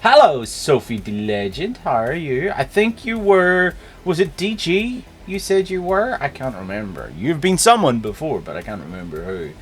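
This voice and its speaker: A man's voice: a little high, sing-song, moderate pace, few pauses. A man with a Northern Irish accent hosting a live stream, chatting casually and greeting viewers by name. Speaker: streamer host.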